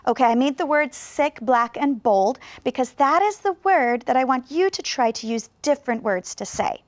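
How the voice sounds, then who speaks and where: A woman teaching English learners in a video lesson, speaking slowly and clearly with encouragement. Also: sits high, expressive, no room sound. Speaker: ESL teacher.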